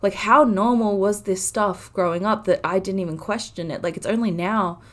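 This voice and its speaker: A woman's voice: mid-range voice, normal speed. A woman in her twenties hosting a casual solo podcast, talking earnestly and from the heart with frequent "like" fillers. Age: 20s. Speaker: podcast host.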